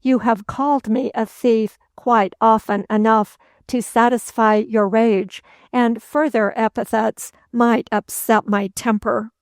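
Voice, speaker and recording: A woman voicing a cool, sarcastic English gentleman. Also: fairly high pitch, steady tone, slow pace, few pauses, no room sound, studio quality. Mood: calmly mocking. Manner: cool, unperturbed, mildly mocking.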